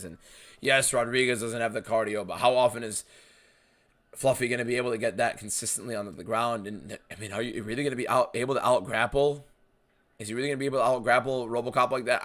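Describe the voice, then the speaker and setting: American male streamer, lowish voice with a bright, forceful edge, blunt and offhand with chat. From United States. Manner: blunt, swears freely, answers chat questions offhandedly. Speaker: streamer hosting a fight watchalong. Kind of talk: casual live-stream chat, reading viewer questions.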